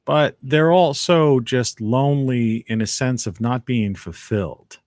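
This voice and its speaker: A man's voice: medium pitch, a little slow, darkish tone, no room sound, clean studio sound. A man hosting a casual live stream from home, rambling and reflective, often trailing off mid-thought. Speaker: live video host.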